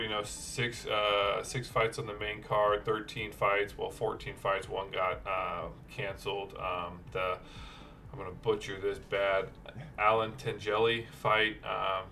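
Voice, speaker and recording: A man's voice: low-pitched, bright, forceful tone, far from the mic. A man co-hosting a casual sports betting podcast, rambling with many fillers and restarts. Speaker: podcast co-host.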